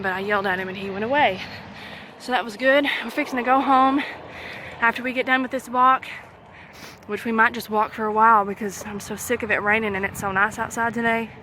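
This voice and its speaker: A young mother, talking casually in a rambling vlog with many fillers while out on a walk, a little out of breath. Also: medium pitch. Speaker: vlogger, mother. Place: outdoors on a road, walking with a stroller. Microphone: handheld phone camera. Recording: loud outdoor noise, traffic.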